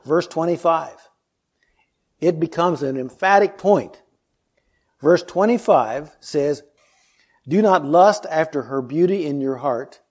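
A man's voice: fairly high pitch, a little mellow. Earnest male preacher, lo-fi sound. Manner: earnest, measured, rhetorical questions. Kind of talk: sermon with scripture reading.

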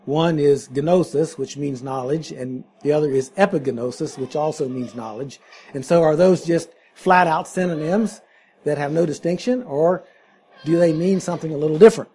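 A man's voice: fairly high pitch, moderate pace, dark tone, slight background noise. A man teaching a Bible class verse by verse, explaining Greek words and asking his listeners questions.

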